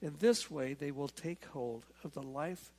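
A gravelly, husky male pastor preaching a sermon. His voice sits a little higher than most men's, and he presses his points with repetition and quick asides to the congregation. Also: darkish tone.

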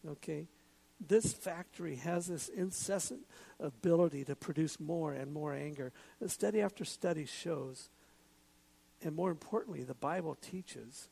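A man giving a sermon in a relaxed, conversational way, with jokes and asides. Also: on the high side, creaky, husky, low-quality recording. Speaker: pastor.

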